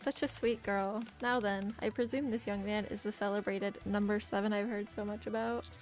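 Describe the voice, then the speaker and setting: A woman's voice: medium pitch, steady tone, normal speed, lightly acted. A woman reading game dialogue aloud as a sly, formal young woman researcher, polite and teasing.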